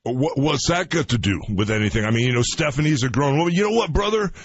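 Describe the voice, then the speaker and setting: A man's voice: mid-range voice, animated, quick pace. Brash man who keeps saying "brother". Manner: brash, calls people "brother". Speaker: wrestler guest. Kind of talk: casual answer to a caller. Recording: dull, slightly noisy recording.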